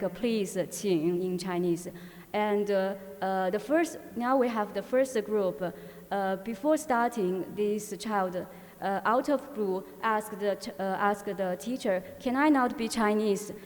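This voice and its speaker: A woman giving an academic conference talk, halting, with frequent filler pauses and restarts. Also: mid-range voice, a little mellow. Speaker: conference presenter. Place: university conference hall. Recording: long reverb of a conference hall.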